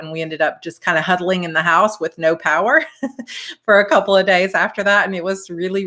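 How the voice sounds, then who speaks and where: A woman's voice: deep voice, bright, forceful tone. A woman in her thirties with a Georgia Southern accent, chatting casually and effusively with viewers on her live stream as an author. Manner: chatty and effusive, reads viewer comments aloud.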